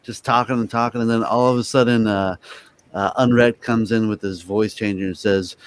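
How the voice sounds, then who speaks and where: A man's voice: lowish voice, fairly even intonation, moderate pace, no room sound. Teasing male co-host. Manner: joking, teasing. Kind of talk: casual live-stream chat.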